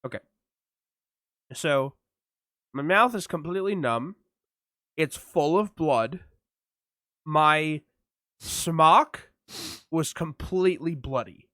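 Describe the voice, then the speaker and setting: His mouth numb from dental work, a podcast co-host with a voice on the high side takes his time, pausing at length, in a dry, clean studio recording. In casual chat, he tells an animated story full of swearing and acted-out voices.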